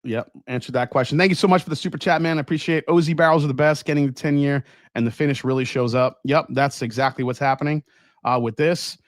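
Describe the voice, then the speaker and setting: A relaxed, enthusiastic man chats on a whiskey livestream, reading viewer comments as they come in. His voice sits at an ordinary male pitch and is heard close and dry, with no room sound around it. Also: quick pace, dry recording. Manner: relaxed, enthusiastic, laughs often. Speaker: whiskey channel host. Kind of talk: casual livestream chat, reading super chats.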